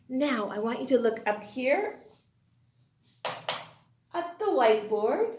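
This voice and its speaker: A woman's voice: high voice, sing-song, measured pace, echoey room. A woman teaching an early-grade phonics lesson, sing-song, encouraging and exaggerated as if talking to young children.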